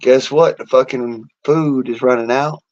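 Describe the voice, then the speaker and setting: A man delivering an angry, profane rant to the camera, bitter and cursing nearly every phrase, now and then breaking into hoarse yelling. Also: medium pitch, steady tone, measured pace, highs cut off. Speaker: vlogger.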